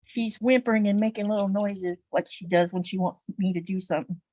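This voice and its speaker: Chatty livestream co-host, woman, mid pitch, dry and close, talks in long loose stories. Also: steady tone, brisk, warm tone, no echo, dull audio. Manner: chatty, rambling storyteller with many fillers. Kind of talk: casual livestream chat.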